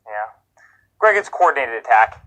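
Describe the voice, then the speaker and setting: A man's voice: mid-range voice, sing-song, normal speed, bright, forceful tone, poor audio. A man giving a live TV news interview as a guest, talking in a heated, indignant way and hammering points home with repetition.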